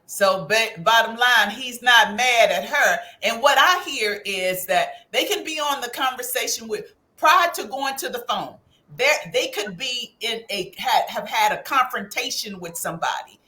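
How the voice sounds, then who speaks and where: A woman's voice: a little high, lively intonation, measured pace, sharp tone. A woman hosting a panel, summing up what guests said and reading out viewer questions. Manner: summarizing, reads viewer questions. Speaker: host. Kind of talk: panel moderation.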